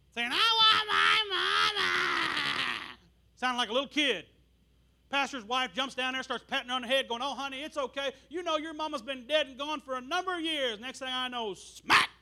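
Man, preacher, very high voice, sermon, animated storytelling, sudden shouts.

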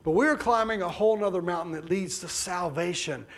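A man preaching a sermon emphatically, dropping to soft low passages and then rising to raised bursts. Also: brisk.

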